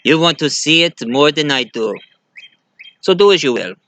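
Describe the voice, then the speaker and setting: A man voicing a greedy male archaeologist villain, speaking in a smooth, lofty way. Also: fairly high pitch, animated, normal speed, bright, forceful tone.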